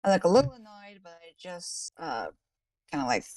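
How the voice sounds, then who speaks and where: A woman's voice: fairly low pitch, very animated, normal speed, darkish tone, no echo. A woman playing in a tabletop game, describing her character's actions in a dry, grumbling way. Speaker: player. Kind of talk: casual chat.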